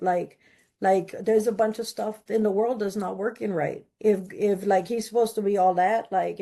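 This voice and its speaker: A woman's voice: medium pitch, darkish tone. A woman giving a candid, emphatic personal testimony at a recovery meeting, often repeating words for stress. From Texas.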